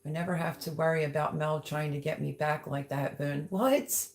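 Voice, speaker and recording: A woman with a slightly low voice chatting on her own livestream. She gushes warmly and talks to viewers as she reads their comments aloud. Her delivery is loose and conversational. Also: level tone, a little fast, gravelly. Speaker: livestream host. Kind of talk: casual livestream chat.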